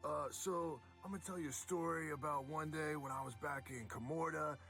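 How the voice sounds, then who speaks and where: A man's voice: a little high, steady tone, moderate pace, sharp tone, soft background music. A man voicing a cocky, foul-mouthed young woman in an improvised retelling, boasting and repeating herself.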